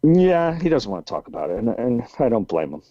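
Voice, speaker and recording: Rambling man with a lively voice. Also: medium pitch, fairly quick, dry recording. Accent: New England. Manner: rambling, full of restarts and acted-out quotes. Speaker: podcast guest. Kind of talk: storytelling interview. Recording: muffled lo-fi call audio.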